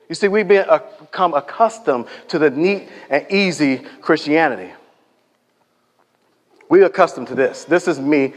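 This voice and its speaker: A man's voice: on the high side, moderate pace. A man preaching a sermon in a conversational, storytelling way, acting out the people he quotes. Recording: echoey hall reverb.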